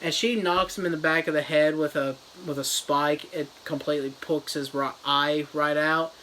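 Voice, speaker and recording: A reviewer retelling a novel as a crude, rambling comedy summary with deadpan jokes. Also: medium pitch, moderate pace, a little hiss or hum, poor audio. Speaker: book reviewer.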